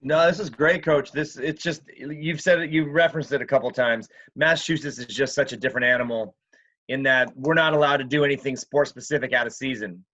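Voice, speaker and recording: Easygoing coach, dull lo-fi sound. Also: male voice, medium pitch, fairly even intonation, a little fast, fairly bright tone. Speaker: high school football coach. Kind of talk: casual discussion.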